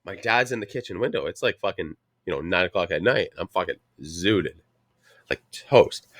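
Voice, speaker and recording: A stoned man from Canada in his twenties, rambling through a story with lots of swearing and loud put-on voices for the people he quotes. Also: sits low, expressive, moderate pace, no echo, clean studio sound. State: high on weed. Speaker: podcast co-host. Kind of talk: casual chat.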